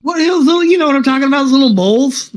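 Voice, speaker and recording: A man's voice: extremely high pitch, lively intonation, very fast. A man co-hosting a podcast in casual chat, cracking crude jokes, swearing and laughing at his own lines. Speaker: podcast co-host.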